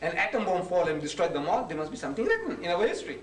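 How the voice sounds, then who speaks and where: A man giving a public lecture, telling stories and acting out conversations in lively voices. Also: a little high, racing, few pauses. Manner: animated, acts out conversations with shifting voices. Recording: echoey hall, heard from a distance, faint hiss.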